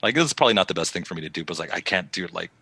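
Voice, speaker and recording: A young man hosting a podcast, chatting casually and fast with plenty of swearing. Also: deep voice, creaky, slightly rough, no echo. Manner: fast, profane, animated storytelling. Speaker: podcast host. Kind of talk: casual chat.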